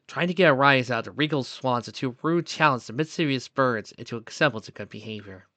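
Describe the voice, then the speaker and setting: A man reading fan fiction aloud as narrator, in a soft, steady storytelling voice. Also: medium pitch, no room sound.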